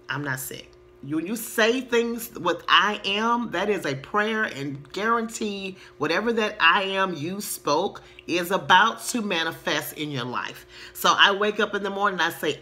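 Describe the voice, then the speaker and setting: A woman who works as a therapist, casually teaching about the law of attraction and reading affirmations slowly and earnestly. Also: lowish voice, lively intonation, sharp tone. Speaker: sex therapist and spa owner. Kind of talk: casual spiritual teaching to camera.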